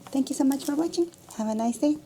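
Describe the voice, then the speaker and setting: A woman's voice: sits high, quick pace, warm tone, a little hiss or hum. A woman teaching a music lesson, demonstrating as she talks and often restarting her sentences. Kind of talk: instructional video lesson.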